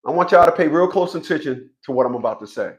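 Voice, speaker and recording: High-pitched man mocking in animated monologue. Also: fast talker, dull audio. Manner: mocking, swings between loud outbursts and low asides; acts out other people's voices in quotes. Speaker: family court advocate.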